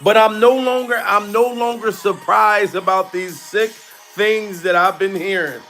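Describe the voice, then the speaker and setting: A man's voice: sits high, steady tone, measured pace, a bit bright, soft background music. A man, a comedian, talking casually through gossip news, laughing often between lines and swearing freely. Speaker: comedian commentator.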